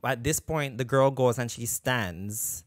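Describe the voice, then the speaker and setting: A man's voice: mid-range voice, slow, dry recording. Male podcast host with a mid-range voice and a dry, close sound, telling a rambling anecdote. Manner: rambling storyteller, drifts off on tangents and comes back with "anywho". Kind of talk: casual podcast chat.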